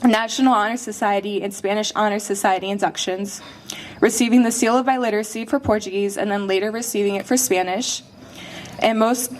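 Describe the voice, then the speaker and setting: A teenage young woman speaks a personal graduation speech with heartfelt earnestness. Her voice has a middling pitch and an even, sincere delivery. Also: a little fast, a little hiss or hum. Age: late teens. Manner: heartfelt, earnest, a little emotional.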